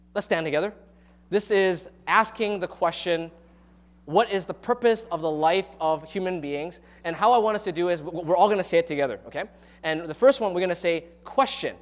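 A male pastor delivering a sermon to his congregation in church. His voice sits a little high for a man, and he speaks earnestly and confessionally, often stopping and restarting his sentences.

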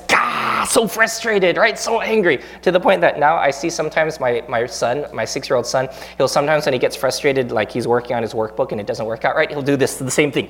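A man in his thirties, a pastor giving a sermon in a relaxed, conversational way, joking at his own expense and acting out the prayers he quotes. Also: on the high side. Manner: conversational, self-deprecating, acts out quoted prayers.

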